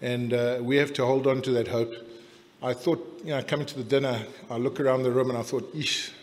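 A man's voice: medium pitch, little pitch movement, brisk, a little mellow. A middle-aged South African man giving a blunt, jokey after-dinner toast that rambles with restarts, speaking in a large dinner hall. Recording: long hall reverb.

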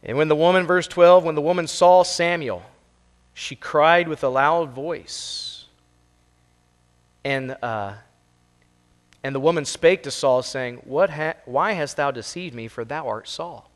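A man's voice: a little high, unhurried. A man preaching a sermon as pastor, working verse by verse through scripture in a plain, conversational way. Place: church sanctuary. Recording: long hall reverb.

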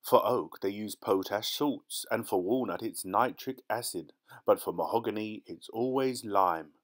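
A man voicing Mister Boggis, a fussy, smooth-talking antiques dealer posing as a clergyman, lecturing in a precise, indignant manner. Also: fairly low pitch, measured pace, natural voice.

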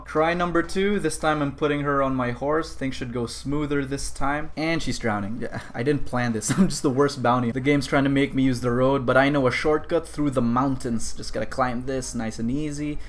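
A young man giving jokey gameplay commentary who keeps breaking into loud yelps. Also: mid-range voice, fairly even intonation, moderate pace, few pauses. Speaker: gaming video host.

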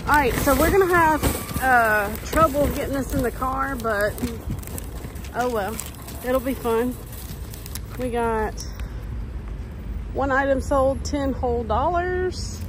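A woman hosting a casual vlog outdoors, gushing with excited exclamations while filming on a handheld phone. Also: high voice, takes it slowly, pauses often, background noise. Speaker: couponing channel host. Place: outdoors in a parking lot.

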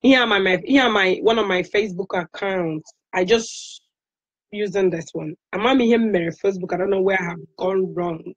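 Pleading Nigerian woman, husky lo-fi voice. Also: mid-range voice, normal speed, no room sound. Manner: pleading, repetitive, mixing English with Igbo phrases. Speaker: online activist vlogger. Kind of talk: emotional direct-to-camera appeal.

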